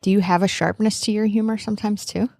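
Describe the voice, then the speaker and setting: A woman's voice: medium pitch, steady tone, fast talker, creaky, a little mellow, no echo, clean studio sound. A woman hosting a podcast, asking reflective, engaged questions in an interview. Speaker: podcast host. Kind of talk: interview conversation.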